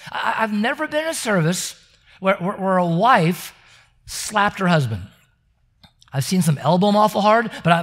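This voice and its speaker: Man, pastor, sermon, high voice, very animated, stammering restarts. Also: gravelly. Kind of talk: sermon with acted-out stories. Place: church service.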